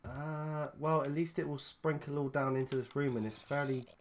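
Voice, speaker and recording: A man's voice: fairly high pitch, steady tone, normal speed, background noise. A man teasing his co-player in a casual, sweary gaming chat. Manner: sweary, playful, teasing banter. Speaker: gamer co-host.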